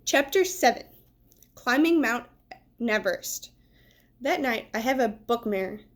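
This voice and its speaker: Woman storyteller, children's book read-aloud, fairly high voice, points out the pictures. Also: expressive. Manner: pauses to describe the pictures.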